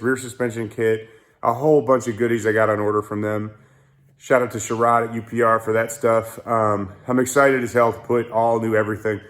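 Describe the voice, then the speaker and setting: A man's voice: mid-range voice, a bit bright. A young man vlogging about his car build in his garage, rambling and poking fun at himself as he talks to a phone. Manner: joking, self-mocking, rambling. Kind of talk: casual garage vlog.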